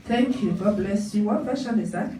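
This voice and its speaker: A woman pastor preaches a sermon in a church hall, emphatic and repeating phrases to drive home her points. Her medium-pitched voice moves at a moderate pace, picked up from a distance in an echoey hall with a noisy background.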